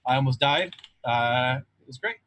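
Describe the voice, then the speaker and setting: A man's voice: medium pitch, normal speed, a bit bright. A man introducing himself on a game stream, rambling chattily with many fillers. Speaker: player. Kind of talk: casual livestream chat.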